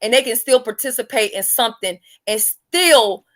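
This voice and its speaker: A woman hosting a casual live-stream chat, blunt, profane and animated. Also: on the high side, moderate pace. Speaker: livestream host.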